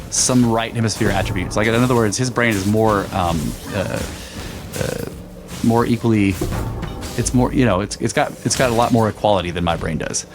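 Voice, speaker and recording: A man co-hosting a podcast in casual chat, rambling and swearing as he thinks out loud, laughing often. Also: fairly low pitch. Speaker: podcast co-host.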